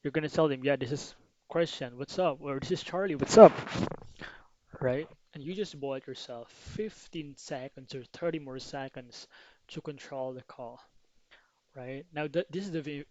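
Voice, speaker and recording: A man's voice: medium pitch, no echo. A man giving a casual sales tutorial, talking energetically and acting out phone call lines with changing intonation. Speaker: sales coach.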